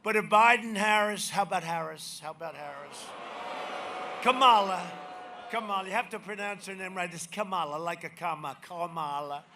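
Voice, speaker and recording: A man giving a campaign rally speech as president, boastful and rambling, repeating himself and swinging from shouts to muttered asides. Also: high voice, fairly quick, few pauses, noisy background. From United States. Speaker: president speaking as a candidate. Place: rally venue.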